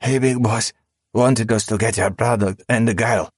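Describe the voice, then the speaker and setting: A man voicing a terrified, trembling cartel underling who pleads in a breathless, higher-pitched voice for an audiobook. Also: fairly even intonation, normal speed, husky, dry recording, clean studio sound. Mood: panicked. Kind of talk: audiobook character voice.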